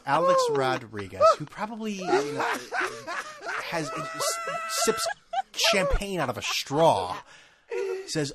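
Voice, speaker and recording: A man's voice: a little high, huge pitch swings, unhurried, heavy background noise. A man hosting a podcast, ranting sarcastically with profanity, stammering restarts and laughs at his own jokes. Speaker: podcast host. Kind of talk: casual ranting monologue.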